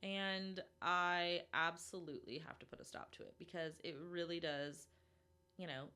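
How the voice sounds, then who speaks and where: A woman's voice: on the low side, steady tone, moderate pace, pushed and bright, clean tone. A young woman from Minnesota hosting a solo podcast, chatty and self-deprecating, with lots of fillers. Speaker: podcast host.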